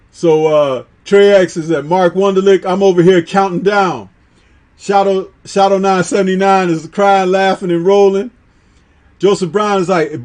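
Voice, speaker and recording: A man with a Chicago accent hosting a casual live chat, reading out viewer comments in a slangy, animated way and laughing often. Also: high voice. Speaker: livestream host reading chat.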